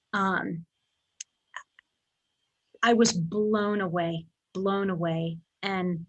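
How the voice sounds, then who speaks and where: Excitable woman in her forties recalling a journey. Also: medium pitch, rough recording. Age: 40s. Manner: excited, emotional storytelling with many restarts. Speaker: guest sharing a story. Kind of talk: casual spoken recollection.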